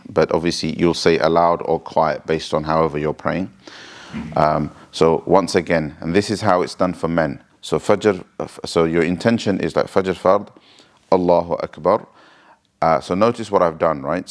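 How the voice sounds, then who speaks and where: A man teaching the movements of prayer in a casual, conversational way, often checking in with "right?". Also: low-pitched. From England. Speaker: Islamic teacher demonstrating prayer. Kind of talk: casual instructional talk to camera.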